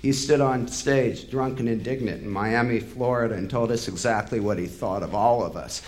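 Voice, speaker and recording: A man's voice: mid-range voice, normal speed. A man giving an impassioned spoken-word monologue, bitter and sardonic, swearing freely and building to angry outbursts. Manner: heated, swelling to angry outbursts.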